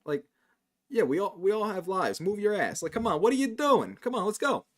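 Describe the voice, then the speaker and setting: A man's voice: sits high, sing-song, fairly quick, voice pushed up. A man doing a brash Italian New Yorker. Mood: impatient. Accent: put-on New York Italian. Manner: loud, brash and impatient.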